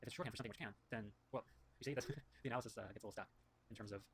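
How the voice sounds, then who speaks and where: A man's voice: on the low side, rapid-fire, gravelly, fairly bright tone, husky. A man hosting his own show, reading emails aloud and thinking through grammar points, often correcting himself mid-sentence. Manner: rambling, self-correcting, reads quotes aloud. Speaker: host reviewing writing feedback.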